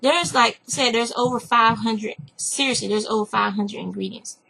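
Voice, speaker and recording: Southern woman, craft show host, casual and chatty, raspy with some fry. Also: fairly high pitch, normal speed, bright, forceful tone, rough recording. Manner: rambling, chatty, reads lists aloud with asides. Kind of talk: casual chat. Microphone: computer webcam mic.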